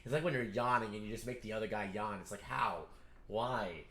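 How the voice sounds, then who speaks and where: A man reacting casually to an anime episode, swearing freely and breaking into excited outbursts at the screen. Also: on the low side, fairly quick, a little hiss or hum. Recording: roomy echo.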